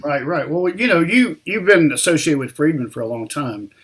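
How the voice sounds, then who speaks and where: A man hosts a relaxed interview, tossing out chatty questions and chiming in with agreement. His voice is somewhat husky and fairly high. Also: normal speed. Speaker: interview host. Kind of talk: casual interview chat.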